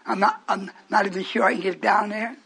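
A man's voice: sits high, fairly even intonation, brisk, creaky, sharp tone. An older man preaching a fervent, rambling radio sermon to his congregation in a church hall, breaking off into stories.

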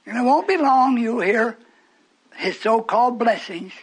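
Older preacher with a high husky voice. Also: male voice, measured pace. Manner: fervent, rambling, tells stories to the congregation. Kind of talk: radio sermon. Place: church hall with a congregation.

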